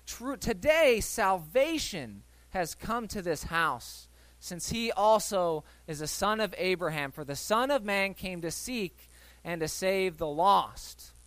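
Guy preaching a sermon, acts out the bible voices, pitch jumps all over, dry sound. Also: expressive, slow, fairly bright tone, dry recording. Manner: conversational, asks the listeners questions. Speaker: pastor.

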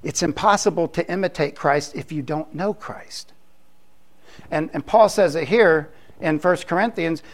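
A man's voice: high voice, unhurried. An older man from Florida, preaching a sermon in a conversational way, with joking asides. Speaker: pastor.

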